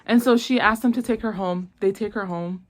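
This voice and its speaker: A young woman casually retelling a drama plot in a slangy, animated way, full of "like"s and acted-out lines. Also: mid-range voice, brisk. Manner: animated, slangy, with many "like"s, acting out characters' lines. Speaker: host.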